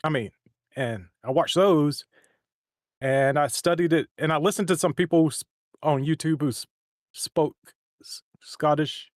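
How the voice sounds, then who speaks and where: A man's voice: a little high, unhurried, long pauses, no echo, studio quality. A man chatting casually on a livestream, rambling and restarting his sentences often. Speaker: voice actor and stream co-host. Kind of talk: casual chat.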